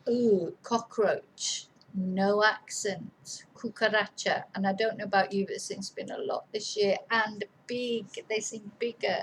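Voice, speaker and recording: Woman, language teacher, slow dictation, spells letter by letter, chatty asides, faint background hiss. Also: mid-range voice, fairly even intonation, rough recording. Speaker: Spanish teacher. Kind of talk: spelling lesson, dictating words slowly.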